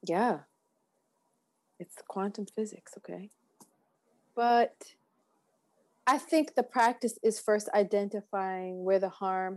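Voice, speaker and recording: A woman's voice: mid-range voice, warm tone. A young adult woman co-hosting a podcast in casual chat, thoughtful but slipping into slangy banter. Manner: reflective, slips into slangy banter. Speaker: podcast co-host.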